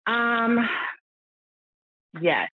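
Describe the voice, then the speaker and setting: A woman's voice: on the high side, big pitch swings, extremely slow, dry recording. An earnest, reflective woman talks openly as a guest, now and then dropping her voice to quote other people. The sound is thin and phone-like. It is dry, with no room around it. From United States. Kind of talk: candid podcast conversation.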